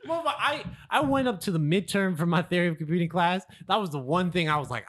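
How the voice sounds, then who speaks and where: Young male podcast co-host, slightly high, bright voice, animated storyteller. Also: fast, hardly any pauses. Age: young adult. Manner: animated storyteller, laughs often. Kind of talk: casual chat.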